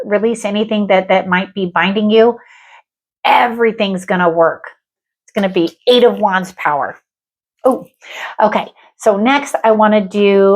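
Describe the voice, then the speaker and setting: A woman gives a spiritual tarot reading in a voice of ordinary pitch. She speaks earnestly and gently, offering soft reassurance. When she reads card descriptions aloud, her delivery turns measured and calm.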